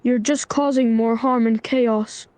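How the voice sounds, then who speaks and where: A stern, stubborn young man scolding someone, read by a synthetic woman's voice. The delivery stays flat and even, a bit high. The sound is dry and close. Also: measured pace, smooth, no room sound, natural voice.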